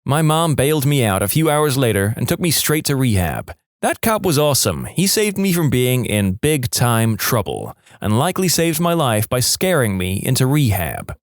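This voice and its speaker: A man's voice: mid-range voice, very animated, normal speed, few pauses, no echo, clean studio sound. A man with a wry storytelling tone, reading stories from an online forum aloud. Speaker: story narrator.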